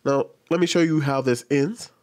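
In this reaction commentary, a young man with a medium-pitched, darkish voice talks at a moderate pace. Exasperated, he lectures about a news story and keeps repeating his pleas.

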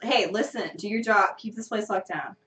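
A woman's voice: medium pitch, normal speed, fairly bright tone, distant mic, lightly acted. A woman voicing a grumpy, sarcastic man in his mid-twenties, with a dry, mocking read. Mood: bossy.

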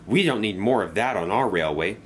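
A man's voice: on the low side, animated, a little fast, fairly bright tone, a little hiss or hum. A man voicing a small male engine who talks in a grumbling way.

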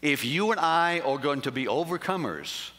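A man's voice: on the high side, expressive, normal speed, fairly bright tone. A middle-aged male pastor preaching a sermon with folksy stories that rise into emphatic praise. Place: large camp meeting hall. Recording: long hall reverb.

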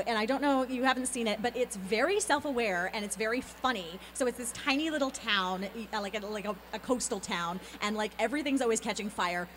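Woman, 30s, voice actor guest; bubbly, quick, a bit high, recorded in an echoey convention hall. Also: a bit bright. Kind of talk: convention interview. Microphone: handheld mic. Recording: reverberant hall with faint background noise.

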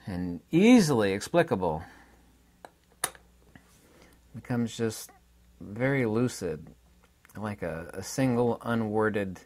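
A man in a solo lecture-style monologue, speaking deliberately with fillers and restarts, leaning hard on key terms. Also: fairly low pitch. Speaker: channel host explaining science theory.

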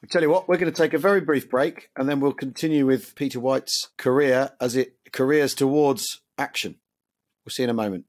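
A man hosting a casual history podcast, chatty and lively, laughing easily as he talks. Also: mid-range voice, fairly quick. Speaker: podcast host.

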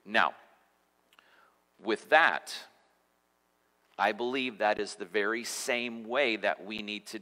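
A man's voice: on the low side, pushed and bright. Man preaching in an echoing church. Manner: conversational preaching with frequent restarts and repeated words. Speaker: pastor. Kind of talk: sermon. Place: church sanctuary. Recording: church hall reverb.

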